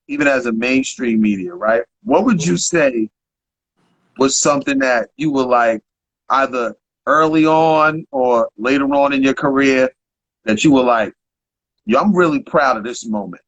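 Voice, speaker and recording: A man hosting a casual interview, agreeing often and asking about the guest's career in relaxed slang. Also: mid-range voice, a little slow, rough recording. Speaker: interview host.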